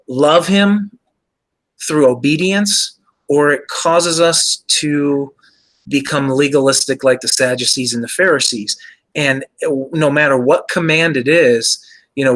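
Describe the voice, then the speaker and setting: Man, show host, earnest faith discussion, slightly high voice, "you know" fillers. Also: fairly bright tone, poor audio.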